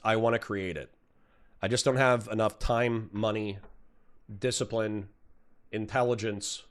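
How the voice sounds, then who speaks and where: Rambling, profane male streamer. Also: medium pitch. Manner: profane, rambling, reads chat aloud. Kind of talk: casual livestream rant.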